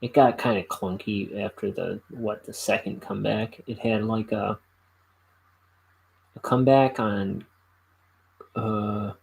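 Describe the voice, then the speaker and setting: Young man, casual rambling chat, gravelly voice, many fillers. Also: fairly low pitch, steady tone, slow pace, pauses often, poor audio. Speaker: solo podcast host.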